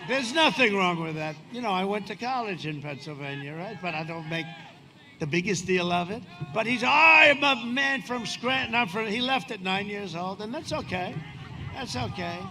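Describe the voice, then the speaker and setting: Speaking at normal speed in a high, sharp voice, a politician in his seventies rambles and boasts through a campaign speech. He drops sarcastic asides at a windy outdoor rally.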